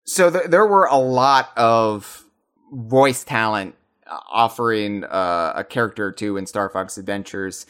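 A man's voice: fairly low pitch, unhurried, fairly bright tone, clean tone. A man co-hosting a podcast, rambling enthusiastically with frequent restarts as he talks through his thoughts. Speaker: podcast co-host. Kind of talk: casual chat.

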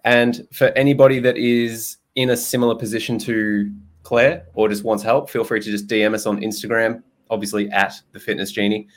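A man's voice: lowish voice, flat delivery, fairly quick. A young man hosting a podcast in a casual, jokey way, swearing freely and laughing often. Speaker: podcast host and nutrition coach. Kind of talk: casual chat.

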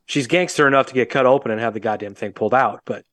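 A man's voice: mid-range voice, fast, a bit bright, no room sound. A young Midwestern American man co-hosting a podcast from a remote call, blunt and sardonic, swearing freely as he tells a story. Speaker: podcast co-host. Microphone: remote call mic.

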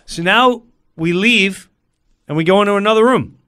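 A middle-aged male comedian telling an animated story as a guest, acting out other people's voices in the quotes. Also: high-pitched, fast talker, clear, resonant tone, no room sound.

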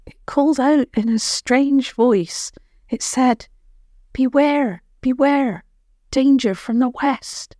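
A frightened, plain-spoken young girl from a children's storybook, as a woman reader puts her on. Her voice lifts high and runs slow and even. The sound is dry and close. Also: no echo. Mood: uneasy.

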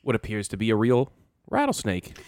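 Fast-talking man spinning stories. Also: fairly low pitch, dry recording, clean studio sound. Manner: animated, swearing, acts out quotes. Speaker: podcast host. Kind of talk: casual storytelling chat.

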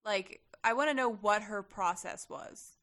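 A woman's voice: medium pitch, measured pace, fairly bright tone. A young woman co-hosting a podcast in casual chat, rambling with lots of fillers and the odd swear. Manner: chatty, lots of fillers and profanity. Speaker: podcast co-host.

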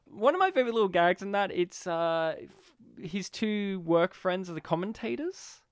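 A man co-hosting a casual film podcast, animated, acting out scenes in put-on voices. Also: high voice, unhurried, clear, resonant tone, no echo, studio quality. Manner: animated, acts out movie lines in put-on voices. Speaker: podcast co-host.

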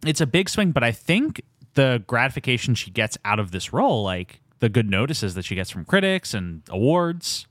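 A man's voice: medium pitch, very animated, moderate pace, fairly bright tone, dry recording, clean studio sound. A man hosting a casual film podcast, rambling and enthusiastic, laughing often. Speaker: podcast host.

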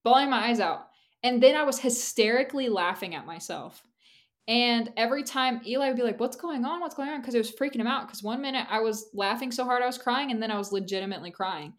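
Fast and on the high side, a young woman co-hosts a casual podcast. She rambles openly, laughs a lot and keeps reaching for "like."

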